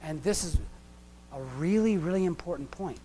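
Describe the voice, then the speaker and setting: A man's voice: high voice, normal speed, dark tone, slight background noise. A middle-aged man giving a lecture-style sermon in a church hall, talking conversationally with restarts and asides. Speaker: church speaker.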